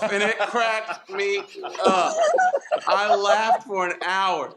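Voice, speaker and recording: A man with a Southern US accent, a guest musician on a podcast, telling stories in an animated, laughing way. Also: high voice, slow pace, noisy background. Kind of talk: casual podcast chat.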